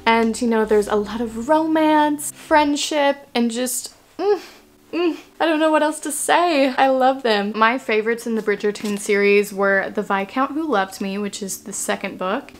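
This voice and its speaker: A young woman vlogging about her favorite books in a gushing, chatty way, full of "like" fillers. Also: mid-range voice. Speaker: book vlogger. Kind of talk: casual chat.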